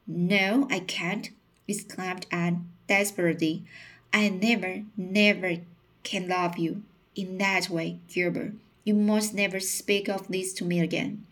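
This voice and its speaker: Woman reading an emotional young woman from a storybook, slow and halting, middling pitch. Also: steady tone, natural voice. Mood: pleading.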